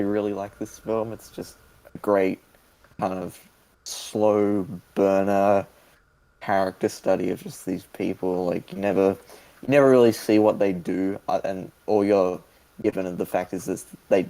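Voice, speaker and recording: Gravelly low Australian man. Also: low-quality recording. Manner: relaxed, halting, pauses with fillers. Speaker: podcast co-host. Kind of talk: casual film discussion.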